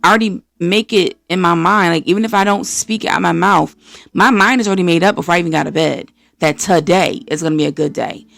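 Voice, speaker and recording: An American woman from the East Coast hosting a podcast, giving an energetic, preachy faith-based motivational talk and acting out voices of the people she quotes. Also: fairly low pitch, fast talker, gravelly, no echo. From East Coast of the United States. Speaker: podcast host.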